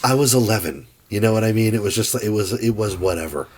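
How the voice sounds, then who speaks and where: A man's voice: lowish voice, lively intonation, fast, over a noisy crowd. A man in his thirties co-hosting a podcast, giving emphatic, opinionated takes on films in casual chat, swearing now and then. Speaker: podcast co-host. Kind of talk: casual film discussion.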